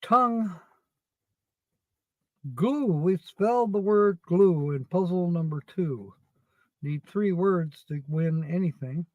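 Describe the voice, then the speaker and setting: A man hosting a livestream, chatting casually with viewers as he scratches tickets and reads out letters at a slow, rambling pace. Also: high voice, dry recording, lo-fi sound. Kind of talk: casual live-stream chat.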